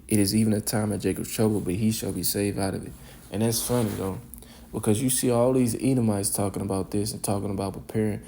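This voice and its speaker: A man's voice: on the low side, creaky, warm tone, slight background noise. A man giving informal scripture commentary, rambling and repeating words, ending phrases with "man".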